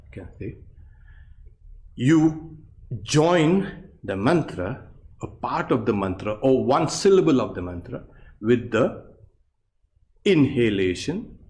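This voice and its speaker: A man, a monk and yoga teacher, giving a meditation class in a measured, explanatory way with many pauses. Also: mid-range voice, a little mellow. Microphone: online class recording.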